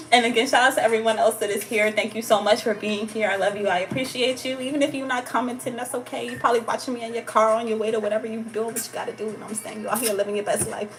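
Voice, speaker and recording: A woman's voice: a little high, fairly even intonation, very fast, few pauses. Playful, slangy American woman host. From United States. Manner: playful and slangy, laughs often. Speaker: tarot channel host. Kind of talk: casual livestream chat.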